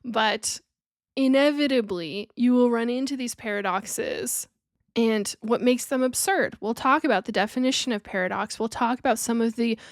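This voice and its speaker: A woman hosts a spiritual podcast, speaking earnestly with a somewhat high voice. She slips in playful, laughing asides between her points. The sound is dry and close, with no room echo. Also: moderate pace. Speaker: podcast host. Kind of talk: spiritual teaching monologue.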